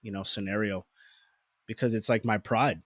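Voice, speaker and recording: A man's voice: on the low side, fairly even intonation, moderate pace, a bit bright, dry recording, clean studio sound. A man in his forties telling personal stories, often repeating words and restarting sentences, acting out his own inner thoughts. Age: 40s. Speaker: podcast guest. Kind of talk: reflective personal storytelling.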